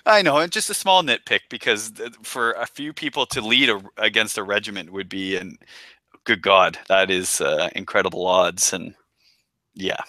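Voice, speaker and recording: Bright-voiced man chatting about a show. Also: fairly low pitch, normal speed, dry recording. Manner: chatty, restarts often, military jargon. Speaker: podcast co-host. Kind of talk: casual chat.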